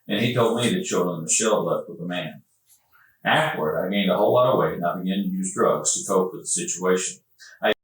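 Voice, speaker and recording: Deep-voiced man reading in an echoey room. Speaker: police investigator. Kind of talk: reading a witness statement aloud. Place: interrogation room. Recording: echoey room picked up from far off.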